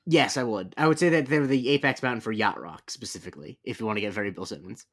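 A man's voice: fairly low pitch, fast, fairly bright tone. A man co-hosting a podcast, recapping a TV episode in casual, rambling chat full of fillers and self-corrections. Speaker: podcast co-host.

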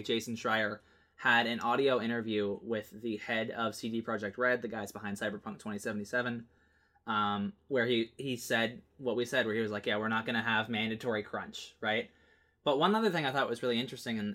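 A man co-hosting a podcast, chatting in an animated way, full of "like" and quick restarts. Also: medium pitch. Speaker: podcast co-host. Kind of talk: casual chat.

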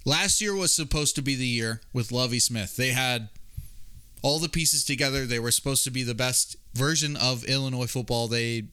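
A man with a bright, smooth voice at a mid pitch breaks down college football picks in a casual podcast. He often stammers and restarts his sentences as he builds his case. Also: normal speed. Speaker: sports podcast co-host. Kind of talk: casual sports analysis.

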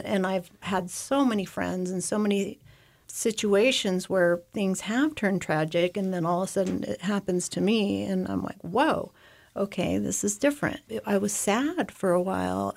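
Gravelly-voiced woman telling a rambling personal story. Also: medium pitch. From United States. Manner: talkative, rambling with restarts. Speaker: interview guest, avalanche survivor. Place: studio.

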